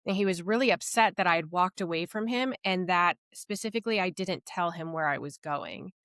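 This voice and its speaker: A woman's voice: fairly low pitch, a little fast, fairly bright tone, no room sound, clean studio sound. A woman guest on a podcast, telling her own story candidly and reflectively, with many fillers. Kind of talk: personal storytelling.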